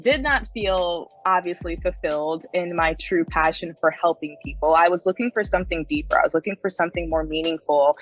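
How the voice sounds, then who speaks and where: A lowish-voiced woman talks through her story as a podcast guest, loose and chatty, laughing as she goes and checking in with "right?" every few lines. A faint music bed sits under her voice. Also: poor audio. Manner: chatty, laughs often, frequent "right?" tags. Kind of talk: casual interview storytelling.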